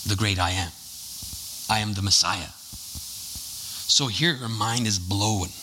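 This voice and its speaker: A man's voice: fairly low pitch, takes it slowly, long pauses, background noise. A man preaching a casual, conversational sermon, full of jokey asides and fillers.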